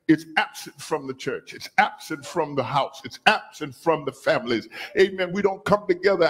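A man preaching a sermon as bishop, calling on the congregation to repeat after him and rising to shouts. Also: high-pitched, slightly rough. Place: church sanctuary.

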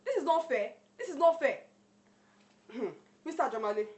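A woman's voice: high-pitched, expressive, normal speed, darkish tone. A woman with a Nigerian accent playing a desperate immigrant wife who scolds and pleads in a film drama, slipping into Yoruba. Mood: pleading angry. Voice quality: emotional, mixes in Yoruba phrases. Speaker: Nigerian wife stranded in America. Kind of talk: church film drama acting.

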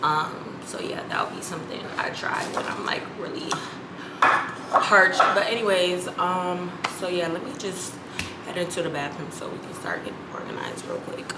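Young woman vlogger, low-ish voice, chatty and loose, echoey home with dishes clattering behind. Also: sing-song, moderate pace, very noisy. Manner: chatty, lots of ums, calls the viewers y'all. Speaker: lifestyle vlogger. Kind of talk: casual chat to camera. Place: home kitchen and bathroom, indoors. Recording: roomy room with household clatter.

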